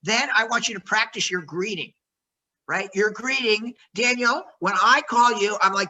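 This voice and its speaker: A man's voice: high voice, normal speed, pushed and bright, rough recording. A man leading a sales workshop, coaching trainees and acting out phone greetings with lots of energy.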